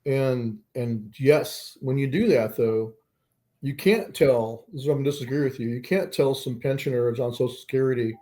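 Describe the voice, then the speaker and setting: A male guest on a political talk show, calmly and measuredly laying out his disagreement. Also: mid-range voice, moderate pace.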